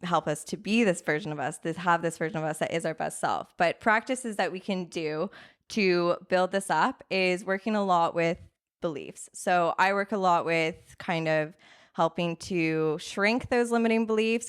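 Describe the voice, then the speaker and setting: A woman's voice: fairly low pitch, smooth. A woman in her thirties, a coach on a podcast, talking earnestly in casual interview style and often checking in with "right?". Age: 30s. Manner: earnest, acts out inner voices, says "right?" a lot. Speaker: guest coach.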